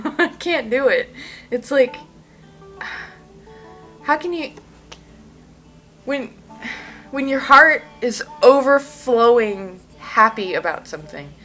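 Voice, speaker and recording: A woman's voice: mid-range voice, fairly bright tone, rough recording. Sleepy giggly woman rambling. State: sleepy, just woke up. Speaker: podcast host. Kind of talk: casual solo podcast chat.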